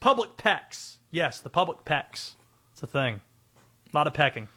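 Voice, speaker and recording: A man's voice: on the high side, sing-song, moderate pace, sharp tone. A man co-hosting a sports talk show, teasing his partner with wry, jokey asides. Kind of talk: sports talk radio banter.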